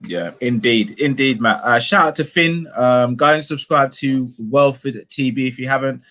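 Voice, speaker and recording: A man hosts a relaxed live-stream chat, his voice medium in pitch, a little bright, and moderately paced. He reads viewer comments aloud and guides the conversation with probing, pointed questions.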